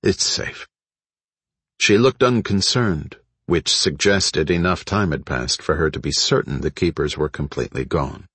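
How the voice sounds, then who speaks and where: Man, audiobook narration, measured, deep, breathy edge. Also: fairly bright tone, dry recording. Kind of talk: scripted narration.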